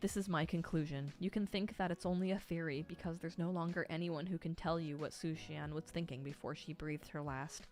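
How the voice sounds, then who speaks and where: A woman reading the lines of a stern, devoted young male cultivation master, earnest and emphatic, in a lowish voice over faint music. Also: steady tone, fairly quick, hardly any pauses, darkish tone, close to an everyday voice.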